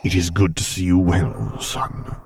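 A man's voice: low voice, fairly even intonation, unhurried, a little mellow, slight background noise. A man voicing a menacing, stern middle-aged Sith lord who speaks in clipped, formal commands.

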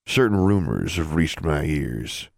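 A man's voice: extremely low pitch, lively intonation, unhurried, creaky, no room sound, clean studio sound, full character voice. A man voicing a stern, pompous middle-aged dean in an audiobook.

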